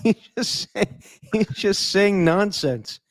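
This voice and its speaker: A man's voice: high voice, animated, slow pace, no echo. A man co-hosting a podcast, chatting casually and teasing his co-host with jokes. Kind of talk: casual chat.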